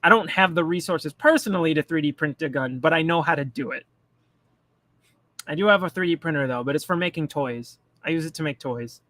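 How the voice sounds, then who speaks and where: A man's voice: on the high side, fairly quick, a bit bright, dry recording. A man ranting bluntly and profanely in casual political commentary, mocking the people he talks about. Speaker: commentary streamer.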